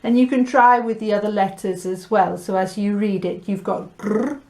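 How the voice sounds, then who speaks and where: A woman teaching a Spanish lesson, drilling sounds clearly and slipping Spanish words into her English. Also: mid-range voice, fairly even intonation, mellow. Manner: slow, clear pronunciation drills with light laughs. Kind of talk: recorded language lesson.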